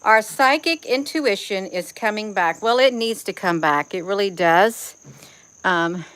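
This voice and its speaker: A livestream host reads chat outside among trees, calling out viewers by name and saying "you all" in her folksy style. She talks a little slowly in a mid-range, fairly bright voice, on a low-quality recording with slight background noise.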